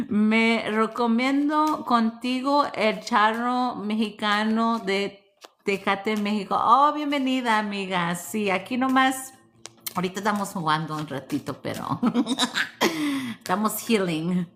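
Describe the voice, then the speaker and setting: A giggly woman chatting on a casual livestream, her bright voice swinging widely in pitch as she teases her viewers. She talks at an unhurried pace, breaks into frequent laughter and slips between English and Spanish. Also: expressive, slight background noise. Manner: playful and teasing. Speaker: livestream host reading chat.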